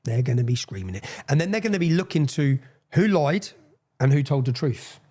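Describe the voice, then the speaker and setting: A man's voice: medium pitch, animated, a little fast, mellow. A man with an English accent giving a TV interview, speaking in a defiant, emphatic way and repeating phrases for weight.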